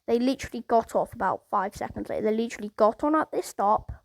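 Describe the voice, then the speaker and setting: A woman's voice: on the high side, animated, quick pace, gravelly, no room sound, poor audio. A woman casually telling a rambling story, peppered with "like" and "obviously".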